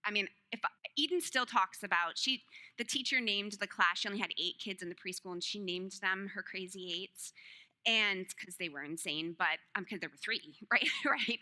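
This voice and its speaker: A woman's voice: medium pitch, normal speed, sharp tone. A woman giving a sermon, telling personal stories in a joking, self-deprecating way and laughing often. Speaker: speaker at a church service.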